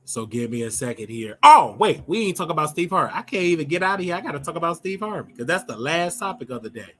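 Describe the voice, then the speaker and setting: A brash older man hosts his own talk show with a bright, forceful edge to his voice. He scolds and stretches words out for emphasis, and his voice sits a little high for a man. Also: big pitch swings, fast. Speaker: show host. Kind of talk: casual commentary monologue.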